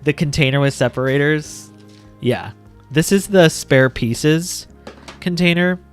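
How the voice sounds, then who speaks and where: A man's voice: a little high, measured pace, smooth, soft background music. A man hosting a casual LEGO building vlog, chatting playfully with self-mocking jokes and rambling asides. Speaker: LEGO building channel host.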